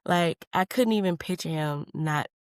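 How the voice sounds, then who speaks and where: Profane, candid woman host, low voice. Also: moderate pace, smooth, no room sound, clean studio sound. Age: 30s. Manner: candid, profane, calls listeners honey; jumps between tangents. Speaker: podcast host. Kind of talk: solo podcast monologue.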